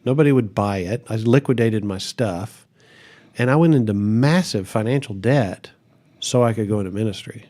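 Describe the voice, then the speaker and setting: A man's voice: on the low side, moderate pace, warm tone. A middle-aged man and pastor telling a story in a casual interview, acting out quotes and laughing often.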